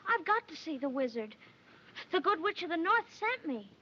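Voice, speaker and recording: A woman's voice: very high voice, big pitch swings, normal speed, pushed and bright, full character voice. A teenage actress playing an earnest, wide-eyed young farm girl, heard on a dull old film soundtrack with music. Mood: pleading. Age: teens.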